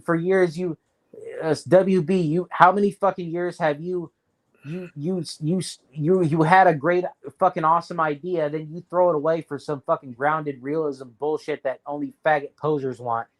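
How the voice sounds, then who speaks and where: A man's voice: a little high, steady tone, normal speed. A man ranting on a livestream, angry and profane, stumbling over repeated words and restarts. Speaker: livestream co-host.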